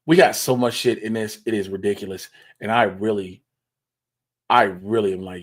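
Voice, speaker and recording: A man hosting a livestream, mumbling to himself in casual, profane slang while he fiddles with his editing software. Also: fairly low pitch, moderate pace. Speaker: stream host.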